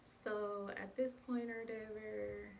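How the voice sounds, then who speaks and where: A woman's voice: medium pitch, level tone, slow, gravelly, darkish tone. A young woman chatting casually to her viewers, telling a story and calling them y'all. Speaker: vlogger. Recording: distant mic with faint background noise.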